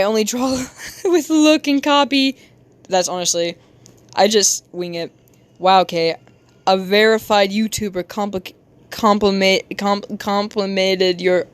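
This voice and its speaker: A young woman livestreaming while she draws, chatting casually, reading chat aloud and giggling, with sudden high squeals. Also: smooth, no echo.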